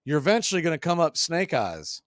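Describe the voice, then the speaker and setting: Dry, steady baseball play-by-play man. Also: fairly quick, no echo. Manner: steady, wry calling of pitches. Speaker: play-by-play announcer. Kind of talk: radio play-by-play commentary.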